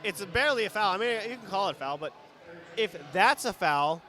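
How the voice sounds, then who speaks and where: A young man doing color commentary on a high school basketball game, indignant about the refereeing. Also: expressive, fairly quick, sharp tone.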